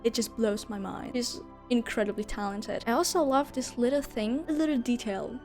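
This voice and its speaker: A woman's voice: on the high side, moderate pace, a little mellow, faint music behind. A young woman reviewing a video game in a casual, gushing way, swearing and laughing often.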